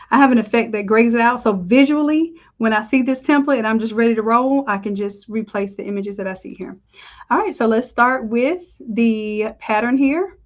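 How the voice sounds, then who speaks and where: A woman's voice: fairly high pitch, highs cut off. A woman teaching design on a live screen-share tutorial, talking in a chatty, upbeat way and calling her viewers y'all. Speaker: design instructor.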